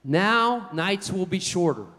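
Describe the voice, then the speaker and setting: Man, pastor, sermon, folksy and animated, slightly high pitch, long hall reverb. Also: slow.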